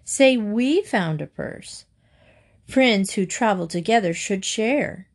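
A slow, deliberate traveling companion, as a woman reads it. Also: medium pitch, animated. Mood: pointed. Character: wise, pointed traveling companion man.

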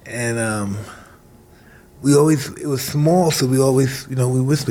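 A man hosting a podcast in casual chat, an animated storyteller who acts out his stories with shouts and laughter. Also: medium pitch, a little fast, creaky. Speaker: podcast host. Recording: faint background noise.

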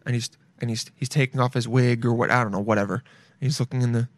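A man's voice: mid-range voice, steady tone, fast. A young man riffing comedically in a crude, rambling way, swearing and drifting into goofy tangents. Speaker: comedic commentator.

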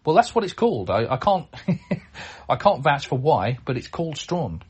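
A man's voice: mid-range voice, sing-song, normal speed, breathy edge. A man hosting a podcast on his own, talking casually, with plenty of fillers and restarts as he rambles through listener emails. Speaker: podcast host. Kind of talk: casual solo podcast talk.

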